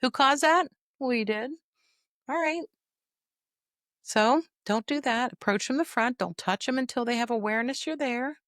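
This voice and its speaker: A middle-aged woman, a dementia caregiver and trainer, coaching listeners on a podcast in a lively, folksy, direct way. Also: high voice, normal speed, pauses often, dry recording, clean studio sound. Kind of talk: podcast teaching monologue.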